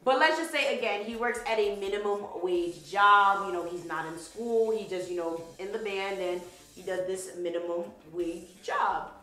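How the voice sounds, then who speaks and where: A woman's voice: medium pitch, moderate pace, bright, forceful tone, reverberant, rough recording. A young woman vlogger telling a dating story in a casual, sassy way, swearing freely. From Haitian background.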